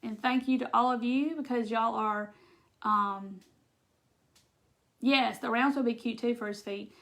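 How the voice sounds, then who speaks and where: A woman's voice: fairly high pitch, steady tone, measured pace, fairly bright tone. A woman, chatting casually and a bit rambling as she hosts a live craft stream. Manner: chatty, emotional, rambling with many restarts. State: tearful at times. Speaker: craft livestream host. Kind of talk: casual livestream chat while crafting.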